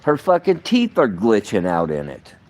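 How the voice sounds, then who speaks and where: A man's voice: fairly low pitch, wildly swooping pitch, moderate pace, slight background noise. A man rambling in a vlog monologue, profane, muttering at times and then bursting out. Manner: profane, rambling, swings between muttering and outbursts. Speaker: vlogger.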